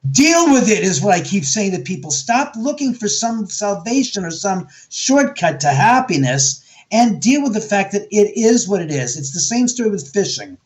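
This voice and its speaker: A man's voice: high voice, sing-song, moderate pace, few pauses. A man talking bluntly and with plenty of swearing as a guest in a casual radio interview, acting out the voices of people he quotes. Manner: blunt, profane storytelling. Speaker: author and guest.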